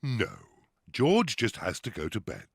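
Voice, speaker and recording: A man's voice: fairly low pitch, huge pitch swings, measured pace, slightly rough, no room sound, clean studio sound, heavily acted. An actor voicing a jolly, easygoing father pig in a children's cartoon.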